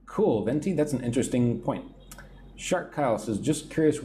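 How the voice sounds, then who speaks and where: A man's voice: mid-range voice, expressive, moderate pace, mellow, a little hiss or hum. A man with a plain American accent teaching English idioms on a live stream, reading out viewer comments and answering them. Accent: General American.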